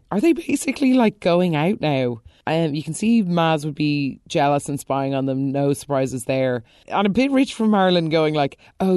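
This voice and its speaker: A woman talks through a soap recap in a casual, opinionated way. Her voice sits low, with sudden high exclamations. The recording is dry and close. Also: mellow, dry recording. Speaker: soap opera recap host.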